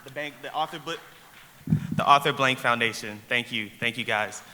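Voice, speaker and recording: A young man with a very bright, crisp-edged voice gives an award speech, choked up and halting between thank-yous. A long hall reverb and faint noise sit behind him. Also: medium pitch. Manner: halting, with many restarts and fillers. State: choked up with emotion. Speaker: award recipient. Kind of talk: emotional acceptance speech. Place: large event hall.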